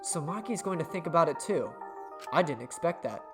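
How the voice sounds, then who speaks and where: A man giving casual let's play commentary in an excitable, swearing, joking way. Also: on the high side, a little fast, music in the background.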